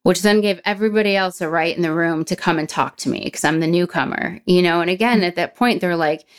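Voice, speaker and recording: A woman's voice: fairly low pitch, fast talker, clean tone. A woman in her forties telling her own story in a frank, blunt way, swearing freely and laughing at herself. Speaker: guest sharing a recovery story. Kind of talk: candid personal storytelling.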